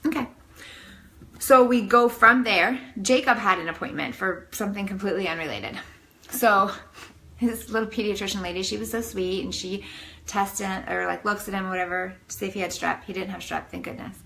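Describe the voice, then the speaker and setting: A woman vlogging to her viewers, telling a story in a dramatic, animated way full of "like". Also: medium pitch, brisk, vocal fry, low-quality recording. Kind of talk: casual storytelling to camera.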